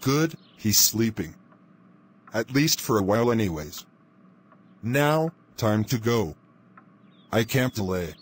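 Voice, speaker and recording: A man's voice: on the low side, expressive, slow, long pauses, breathy edge, heavily acted. A man voicing Red Dinosaur, a mischievous young dinosaur who whines and schemes. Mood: scheming. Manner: whiny, scheming.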